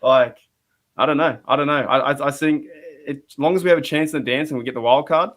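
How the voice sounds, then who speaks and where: A man's voice: medium pitch, fast, fairly bright tone. A man with an Australian accent calling in to a sports show, talking animatedly with frequent restarts. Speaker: caller. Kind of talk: casual sports call-in chat.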